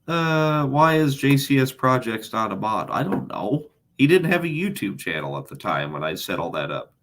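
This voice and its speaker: A man hosting a casual livestream Q&A who reads viewer questions aloud and answers them with dry, deadpan humor. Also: mid-range voice, normal speed.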